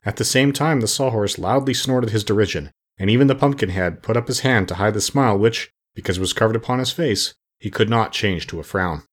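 A man reading a storybook aloud in a measured, steady narration. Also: lowish voice. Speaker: audiobook narrator.

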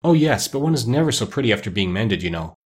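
A man's voice: on the low side, sing-song, quick pace. A man voicing a timid, delicate young china princess in a storybook reading, prim and polite.

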